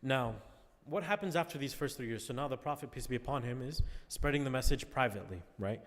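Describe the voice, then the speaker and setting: A man's voice: mid-range voice, expressive, fast. A man teaching a class in a conversational lecture, often checking in with his listeners. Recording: long reverb.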